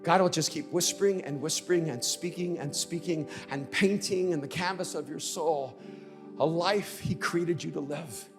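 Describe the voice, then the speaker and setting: High-pitched guy preaching at a conference, gets loud and emphatic, faint music behind. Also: moderate pace, big-room sound. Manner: builds from conversational storytelling to shouted crescendos. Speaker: pastor. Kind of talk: conference sermon.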